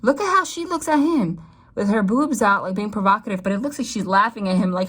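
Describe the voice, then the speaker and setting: A young adult woman giving a casual tarot reading to camera, rambling and emotional, with sudden excited jumps in her voice. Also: medium pitch, a little fast, breathy edge. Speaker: tarot reader.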